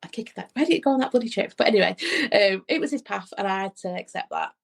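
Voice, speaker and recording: Podcast guest: woman, a medium, chatty and rambling, does the voices of the people in her story, mid-pitched voice. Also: expressive, quick pace, vocal fry. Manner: rambling, restarts, acts out quoted voices. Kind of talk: casual heartfelt storytelling.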